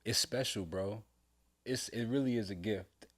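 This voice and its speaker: A middle-aged man talking earnestly with his son on a casual podcast, heartfelt and sometimes breaking into loud laughing storytelling. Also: lowish voice, measured pace. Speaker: podcast co-host, father. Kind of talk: casual father-son conversation.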